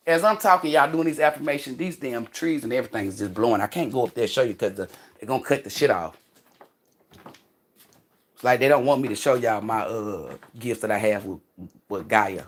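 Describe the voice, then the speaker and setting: A woman's voice: a bass voice, fairly quick. A woman hosting a casual livestream from outdoors on a phone, talking in a blunt, profane, preachy way. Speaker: livestream host. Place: outdoors among trees.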